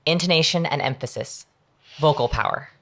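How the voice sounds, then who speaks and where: A middle-aged woman, a guest on an interview podcast, explaining her ideas in an energetic, emphatic way with lots of examples. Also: deep voice, normal speed. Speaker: guest, behavioral researcher. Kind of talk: conversational interview.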